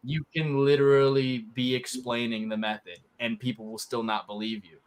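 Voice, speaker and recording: A man's voice: medium pitch, level tone, moderate pace, over a noisy crowd. A man hosting a casual podcast chat, talking in a rambling, filler-heavy way.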